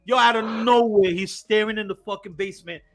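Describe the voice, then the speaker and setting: A man, a podcast host, telling a story in casual chat, animated and swearing a lot, acting out quotes loudly. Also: high-pitched, a little fast.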